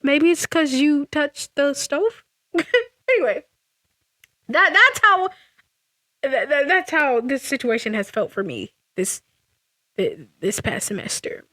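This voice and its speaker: A young woman telling a casual storytime vlog, animated and sassy, with frequent restarts and laughter. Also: high voice, takes it slowly, long pauses, no room sound, studio quality. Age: young adult. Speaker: vlogger.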